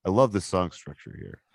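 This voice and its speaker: A man's voice: low voice, dry recording, clean studio sound. A man hosting a podcast in casual chat, explaining things loosely with lots of fillers. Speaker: podcast host.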